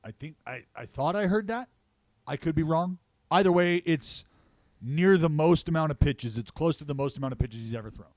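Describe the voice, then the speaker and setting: A man who calls baseball games, chatting casually on a podcast and telling animated stories, swearing freely. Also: fairly high pitch, normal speed, dry recording. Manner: excitable storyteller who swears and gets loud reliving plays. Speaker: baseball broadcaster and podcast co-host. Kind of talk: casual chat.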